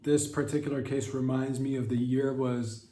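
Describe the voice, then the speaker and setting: A man hosting a comedy podcast, rambling through crude, deadpan absurd stories in a casual monologue. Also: medium pitch, moderate pace. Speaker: podcast host. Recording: roomy sound, distant from the mic, faint background hiss.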